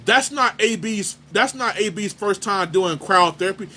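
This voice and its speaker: A man's voice: high voice, normal speed, pushed and bright, a little hiss or hum. A man hosting a sports talk show, ranting in heated, emphatic commentary and hammering his points over and over. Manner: emphatic, repetitive, fired-up.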